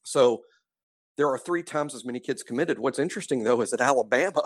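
A man co-hosts a sports podcast, talking at an ordinary pitch. His delivery is conversational and explanatory, leaning on the key facts, and his voice sounds close and dry, with no room echo. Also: a little fast. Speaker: podcast co-host. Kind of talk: casual sports podcast chat.

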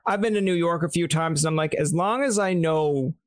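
A man's voice: a little high, a little fast, dry recording. Young man hosting a podcast, dry sound. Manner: rambling, self-interrupting, acts out quotes. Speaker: podcast host. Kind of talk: casual interview chat.

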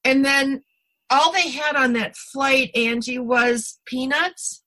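A woman's voice: high voice, fairly even intonation, slow, bright, forceful tone. A middle-aged woman hosting a podcast, telling stories in a chatty way full of "you know". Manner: chatty storyteller, lots of "you know" and laughs. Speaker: podcast host. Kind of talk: casual chat.

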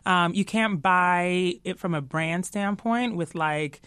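A woman's voice: fairly low pitch, slow pace, fairly bright tone, smooth, no echo, clean studio sound. A woman being interviewed, talking animatedly and laughing easily, peppering her talk with "you know". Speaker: guest, tech executive. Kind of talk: casual interview chat.

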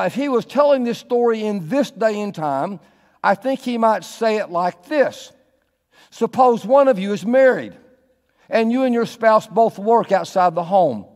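Male pastor, sermon, high voice, earnest, conversational, church with long reverb. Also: lively intonation, normal speed, darkish tone. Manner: conversational, earnest, asks the congregation questions. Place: church sanctuary.

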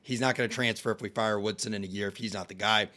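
A man hosting a casual sports talk show, explaining plays step by step and getting animated when he is excited. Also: on the low side, fast talker. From American South family. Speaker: podcast host. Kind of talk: casual sports analysis chat.

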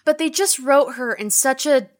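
A woman who is a podcast guest, chatting casually with enthusiasm in long excited runs. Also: high-pitched, normal speed. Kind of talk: casual chat.

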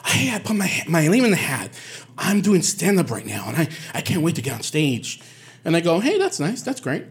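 A man from Puerto Rico telling a personal story on stage, animated and quoting others in lively bursts. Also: mid-range voice. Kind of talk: live storytelling.

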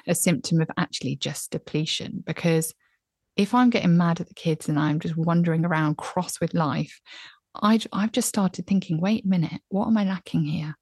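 Woman, 30s, podcast guest, earnest and reflective, lowish voice, dry close sound. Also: normal speed, breathy edge, dry recording. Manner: earnest, reflective, animated when recounting. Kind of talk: candid conversational advice.

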